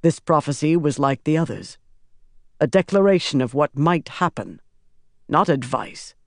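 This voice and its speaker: A narrator doing a quiet, grave young leader. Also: mid-range voice, measured pace, no echo, clean studio sound. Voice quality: quiet and steady.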